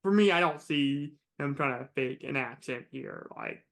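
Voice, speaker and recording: A man's voice: mid-range voice, normal speed, gravelly, a bit bright. A man co-hosting a casual film podcast, easygoing and joking. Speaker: podcast co-host.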